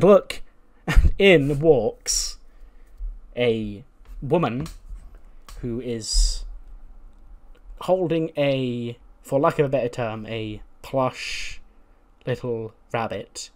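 Jokey, rambling gaming commentator. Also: male voice, medium pitch. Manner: rambling, jokey, slangy storytelling. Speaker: gaming YouTuber. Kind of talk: casual let's-play commentary.

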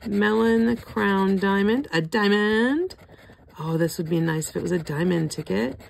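An older woman with a hoarse throat, casually calling out scratch-off ticket symbols one by one with chatty asides. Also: medium pitch, a little slow. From Florida. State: hoarse, throat not cooperating. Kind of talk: casual running commentary.

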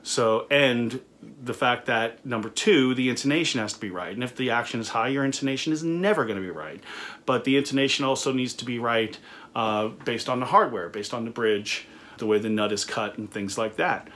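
A middle-aged man, a studio owner, talks through a budget guitar review in an easygoing, conversational way. His pitch sits in the ordinary middle range for a man. He often restarts his sentences and fills pauses with "uh.". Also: a bit bright. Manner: conversational, frequent fillers and restarts. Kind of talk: casual product review talk.

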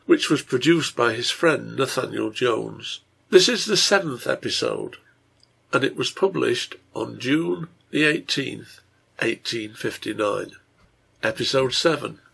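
Gravelly-voiced man reading a story aloud. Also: medium pitch, fairly bright tone. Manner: measured storytelling. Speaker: reader, translator. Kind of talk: reading a translated novel aloud.

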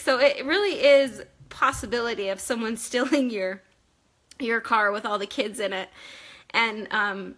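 A woman talking earnestly to supporters on a phone livestream from home, chatty and warm in her storytelling. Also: fairly high pitch, measured pace. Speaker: wife giving a family update to supporters. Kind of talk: casual livestream talk.

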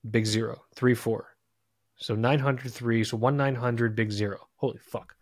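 A man's voice: mid-range voice, steady tone, normal speed, dry recording, clean studio sound. A man co-hosting a podcast in casual chat, rambling and self-deprecating, often tripping over his words. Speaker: podcast co-host. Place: home, recording quietly at night.

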